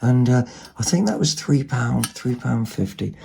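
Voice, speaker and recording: A mid-pitched man with a gravelly edge chats his way through a table of second-hand finds at home. He rambles casually, trailing off into ums and little asides. A faint background hiss sits under the recording. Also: lively intonation, unhurried, dark tone. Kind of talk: casual show-and-tell chat.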